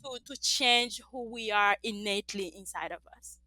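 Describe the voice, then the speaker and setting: In a dry recording, a middle-aged woman from the Dominican Republic talks at normal speed and medium pitch, her voice pushed and bright. A native Spanish speaker with a Spanish accent, she's an earnest, reflective interview guest who laughs often.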